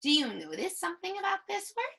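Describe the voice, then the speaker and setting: A woman teaching early reading, slow and patient as she sounds out each word. Her voice is bright and lively, rising and falling a lot. A gravelly edge creeps in at the ends of her phrases. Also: very high voice. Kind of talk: early reading lesson for young children.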